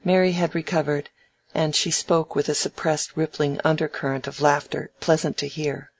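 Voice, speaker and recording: Audiobook narrator, measured, gravelly, mid pitch. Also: little pitch movement, dry recording. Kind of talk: scripted narration of a classic novel.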